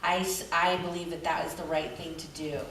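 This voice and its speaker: A lower-voiced woman explains a point earnestly on a panel. She is heard from across an echoey hall, with faint noise in the background. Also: level tone, fairly bright tone, distant mic. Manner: earnest, measured. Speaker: author on a panel. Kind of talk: panel discussion.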